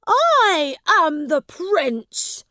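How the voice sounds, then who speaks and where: A woman voicing a ragged boy prince who shouts slowly and angrily, close to crying. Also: very high voice, sing-song, no room sound, voice pushed up, exaggerated voice. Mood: desperate shouting. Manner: shouting, slow and pleading. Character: desperate ragged boy prince, angry and near tears.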